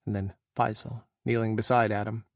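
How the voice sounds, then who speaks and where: A man narrating an audiobook, with slow, dramatic emphasis on emotional passages. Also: on the low side, little pitch movement, no room sound, studio quality.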